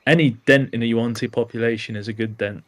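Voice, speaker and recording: A man's voice: medium pitch, steady tone, fast talker, a little hiss or hum, natural voice. A man voicing a pious warrior of a sun god who speaks earnestly about smiting enemies. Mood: solemn.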